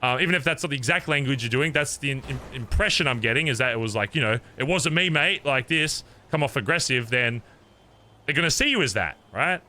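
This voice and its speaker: A man's voice: medium pitch, expressive, fast, sharp tone. A man streaming a roleplay game, talking in character as he earnestly lectures another player and swears a lot.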